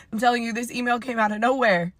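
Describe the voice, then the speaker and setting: A woman's voice: a little high, fairly even intonation, normal speed, fairly bright tone, no room sound. A woman fitness trainer recording a vlog in her parked car, emotional and holding back tears, stressing her points by repeating them.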